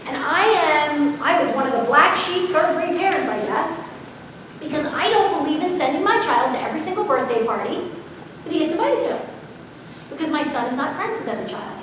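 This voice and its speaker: A woman's voice: high voice, a bit bright. A woman giving a parenting seminar, telling stories in a chatty way and asking the audience questions. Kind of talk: conversational seminar talk. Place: large echoey hall. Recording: echoey hall recorded from far off, faint hiss.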